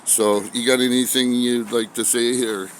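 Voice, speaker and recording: A man's voice: mid-range voice, flat delivery, normal speed, a little hiss or hum, rough recording. A man casually interviewing someone and telling long jokes, rambling with lots of fillers. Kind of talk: casual joke-telling chat.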